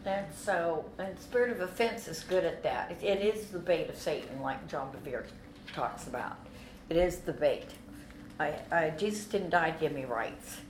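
A woman telling a personal faith testimony as an animated story, with frequent restarts and repeated words. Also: low-pitched, moderate pace, echoey room, a little hiss or hum. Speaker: speaker giving a personal testimony.

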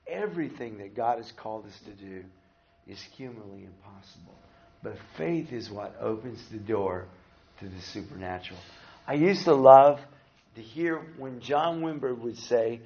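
With a medium-pitched voice at a moderate pace, a man delivers a storytelling sermon talk to a church class over lo-fi sound. He's an animated narrator who performs the quotes and plays the people in his tale.

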